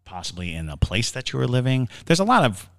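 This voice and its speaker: A man co-hosting a paranormal podcast, giving measured advice in casual chat. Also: mid-range voice, wildly swooping pitch, creaky, a bit bright, no echo, clean studio sound. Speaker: podcast co-host.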